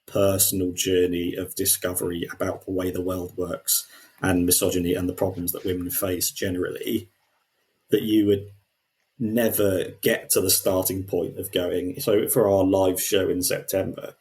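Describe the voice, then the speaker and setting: Male podcast co-host, deep voice, lively, restarts sentences. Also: moderate pace. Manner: animated, quotes people in put-on voices, frequent restarts. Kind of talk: casual discussion.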